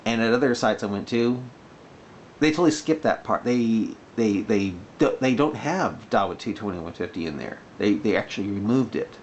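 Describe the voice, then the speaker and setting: A man's voice: lowish voice, expressive, normal speed, dull audio, slight background noise. A man talking in a sarcastic, rambling way in a casual commentary vlog. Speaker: video blogger.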